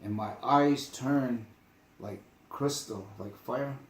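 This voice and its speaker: A man tells a long story in an easy, conversational way. His delivery is emphatic and animated, and he keeps checking that the listener is following. His voice sits at an ordinary pitch, and the room around him is noticeably echoey. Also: slow, a little hiss or hum. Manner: animated, emphatic, asks "you get me?". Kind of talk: casual storytelling chat.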